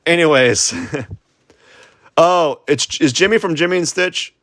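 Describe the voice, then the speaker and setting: A man's voice: on the high side, a little slow, long pauses, a bit bright, no room sound, studio quality. A man streaming a drawing session live, rambling and joking about his own work as he sketches. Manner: rambling, self-deprecating, with silly sound effects. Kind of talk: casual live-stream commentary while drawing.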